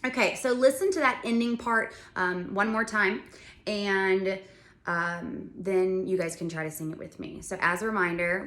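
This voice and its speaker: A woman's voice: medium pitch, steady tone, measured pace, fairly bright tone, roomy sound. A woman teaching a music lesson to young children, talking and singing patiently and explaining each step. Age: adult.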